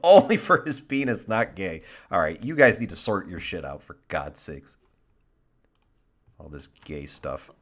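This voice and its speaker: A man's voice: low-pitched, expressive, unhurried, a bit bright. A man co-hosting a podcast in casual chat, joking, mocking himself and reading chat messages aloud. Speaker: podcast co-host.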